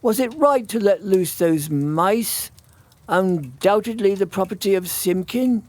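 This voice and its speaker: A man's voice: high-pitched, expressive, takes it slowly, no room sound, pitched above the performer's own voice. A man voicing a poor, weary old tailor who frets and laments in a mumbling way, in a storybook reading. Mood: lamenting. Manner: fretful, lamenting mutter.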